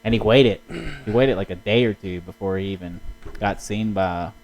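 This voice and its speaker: Young male co-host, relaxed and hesitant, fairly low voice. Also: normal speed, a little hiss or hum, poor audio. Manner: easygoing, hesitant, many fillers. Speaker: podcast co-host. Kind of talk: casual chat.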